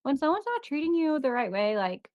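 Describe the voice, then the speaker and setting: A woman's voice: high voice, sing-song, brisk, highs cut off. Chatty young woman, laughing a lot. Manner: chatty, laughs often, acts out her own thoughts. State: new mother. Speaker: podcast guest. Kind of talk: casual chat.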